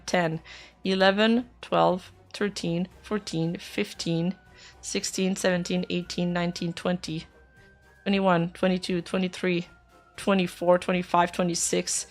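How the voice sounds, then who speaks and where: Woman, casual live-stream chat, blunt, laughs often, faint background music. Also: lowish voice. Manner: laughs often, counts under her breath, blunt and sweary. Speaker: streamer reacting to news.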